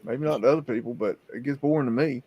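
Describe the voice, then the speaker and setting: A man's voice: medium pitch, fast, husky, dry recording, muffled recording. A man with a Southern US accent hosting a casual live chat, telling rambling stories with many restarts. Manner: rambling storyteller, frequent restarts. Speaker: show host.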